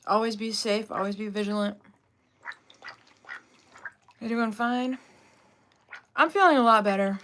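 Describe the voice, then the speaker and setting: A woman's voice: fairly high pitch, unhurried, long pauses, fairly bright tone, slight background noise. A young woman hosting a casual livestream from home, talking in a rambling way with lots of fillers. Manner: rambling, filler-heavy and chatty. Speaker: livestream host.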